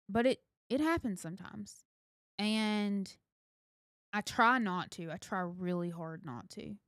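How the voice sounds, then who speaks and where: A woman's voice: mid-range voice, no echo, studio quality. A woman, earnestly giving parenting advice on a casual podcast. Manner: earnest, advice-giving, speaks directly to listeners. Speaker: podcast co-host.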